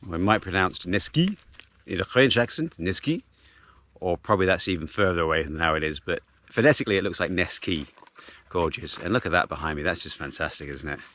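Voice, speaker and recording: A man's voice: low voice, expressive, fast, a bit bright. Chatty man vlogging a hike. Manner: chatty, easily amazed, frequent ums. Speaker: vlogger hiking with his dog. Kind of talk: casual walking vlog narration. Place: outdoors on a gorge hiking trail.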